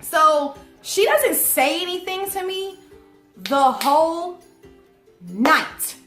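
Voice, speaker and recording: A young woman telling a storytime vlog in an animated, slangy and profane way. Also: very high voice, slow pace, soft background music. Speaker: vlogger. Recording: echoey room.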